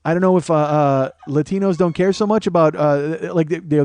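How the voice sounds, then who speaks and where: Brief: male comic, quick profane storytelling, bright-ish voice, dry mic. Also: on the high side, dry recording. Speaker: comedian host. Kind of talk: rambling comedic monologue.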